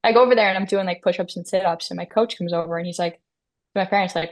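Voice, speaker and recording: A woman's voice: fairly low pitch, fairly even intonation, quick pace. A woman on a podcast, chatting casually in a rambling way, with lots of "like". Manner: rambling, fills with "like". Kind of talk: casual chat.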